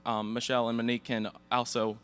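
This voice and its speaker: Polite young man with a smooth voice. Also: medium pitch, completely flat delivery, fast, a bit bright. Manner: hesitant, polite. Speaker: audience member asking a question. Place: convention hall.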